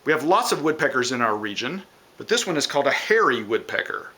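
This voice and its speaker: A man's voice: mid-range voice, big pitch swings, quick pace, sharp tone. A man teaching children a science lesson, explaining step by step and imitating bird calls.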